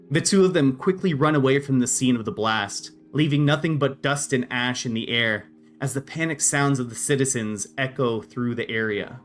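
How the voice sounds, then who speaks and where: A man serving as game master, narrating scenes in a steady, descriptive way. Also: medium pitch, normal speed, soft background music.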